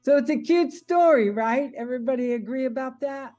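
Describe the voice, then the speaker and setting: A woman teaching a writing class over a video call, casual and halting as she leads the discussion. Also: high voice, mellow, faint music behind.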